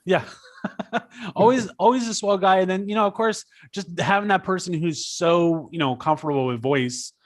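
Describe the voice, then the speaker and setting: A man hosts a casual podcast interview in an affable, chatty way, full of fillers. His voice sits a little high. The sound is dry and close. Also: moderate pace, dry recording. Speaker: podcast host.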